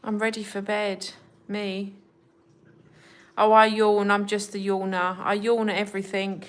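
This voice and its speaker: Chatting away to viewers on a relaxed home livestream, a woman also talks to her cats in a gentle baby voice. She speaks at normal speed with a medium pitch that barely moves.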